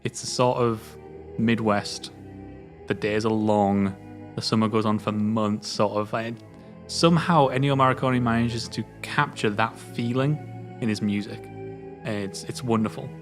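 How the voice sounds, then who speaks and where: British dude on a film podcast, kinda hesitant and thoughtful, bit of music in the back. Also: male voice, on the low side, unhurried. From Britain. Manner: thoughtful, hesitant, lots of fillers. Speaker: film review podcast co-host. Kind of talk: casual film review chat.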